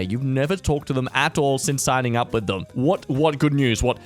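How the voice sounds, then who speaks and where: A young man hosting a comedic reaction video, sarcastic and quick to laugh at his own jokes. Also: mid-range voice, faint music behind. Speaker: reaction channel host.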